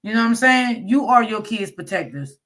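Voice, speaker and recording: A woman's voice: fairly high pitch, lively intonation, a little fast, a bit bright. A woman, hosting a casual chat to her viewers, repeating herself and calling them y'all. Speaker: online channel host.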